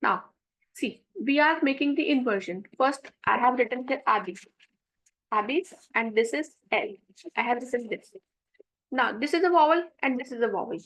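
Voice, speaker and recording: Woman, high voice, French teacher, slow step-by-step explanation. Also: lively intonation, fairly bright tone, rough recording. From India. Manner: slow, repeats French phrases then translates. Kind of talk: classroom explanation.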